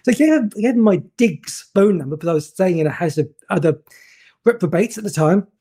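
Man, 50s, storyteller; mellow, husky, tumbles over repeated words. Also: high voice, fast. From England. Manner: animated, stumbles and repeats words, acts out voices. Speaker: guest photographer. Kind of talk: anecdotal storytelling.

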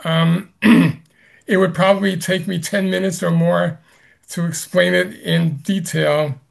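A man being interviewed as a Zen master guest, speaking haltingly with many pauses and frequent throat clearing. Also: high voice, level tone. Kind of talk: interview answers.

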